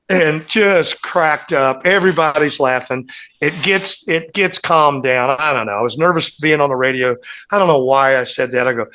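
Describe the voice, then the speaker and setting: A man's voice: a little high, a little slow, a bit bright. A man on a casual podcast, telling long, rambling band anecdotes as a guest musician and acting out what others said.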